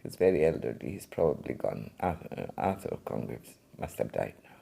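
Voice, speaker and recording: An older woman, an art collector and museum founder, telling anecdotes in an interview in an animated, vivid way. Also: a bass voice, normal speed, vocal fry, breathy edge.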